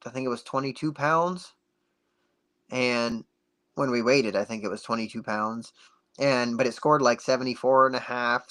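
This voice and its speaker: A man guest on a podcast, telling a story in a casual, animated way and acting out the dialogue. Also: medium pitch. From United States. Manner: animated, acts out dialogue with many "like"s.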